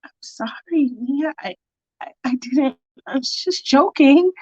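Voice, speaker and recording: Careless slangy teen girl, stammering, high voice, woman reading; dull dry take. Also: a little slow, a little mellow, no echo. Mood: flustered. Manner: flustered, stammering, casual slang. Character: careless apologetic teenage girl Katie.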